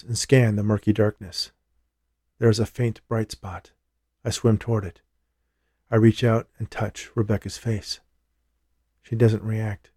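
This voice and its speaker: A man giving a steady, measured first-person thriller narration as an audiobook reader. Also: mid-range voice, no echo, clean studio sound.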